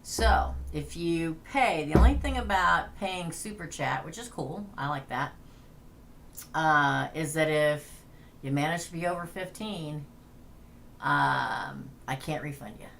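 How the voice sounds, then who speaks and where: A woman's voice: deep voice, slow, creaky, fairly bright tone, slight background noise. A woman tarot reader hosting a casual livestream, chatting, laughing and reading names off a list.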